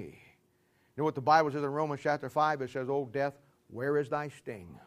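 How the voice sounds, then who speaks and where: A man preaching a sermon in a folksy storytelling way, repeating himself, clearing his throat, and swinging between loud climaxes and quiet asides. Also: on the high side, brisk. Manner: builds to loud shouting climaxes, then drops quiet; repetitive, clears throat often.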